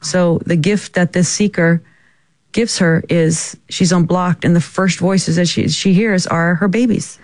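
A woman being interviewed about her work, telling stories in an animated way and laughing often. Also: fairly low pitch, measured pace, dry recording. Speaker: guest actress. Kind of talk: casual interview chat.

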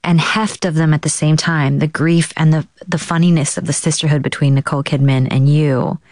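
A woman hosting an interview, asking engaged questions in a smooth, soothing voice. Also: low voice, fairly even intonation, fairly quick, a little mellow, no room sound. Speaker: interviewer host. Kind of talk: casual interview.

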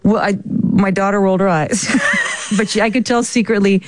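Woman guest chatting, quick stories, lots of laughs, dry close sound. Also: mid-range voice, no room sound. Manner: animated, laughs often, quick storytelling. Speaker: guest actress. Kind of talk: casual interview chat.

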